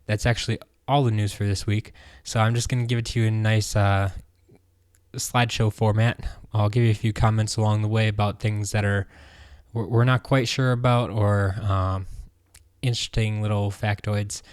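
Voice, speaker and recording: A man hosting a casual fan news roundup, relaxed and rambling with plenty of ums and restarts. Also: fairly low pitch, dry recording, studio quality. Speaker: host of a fan news show.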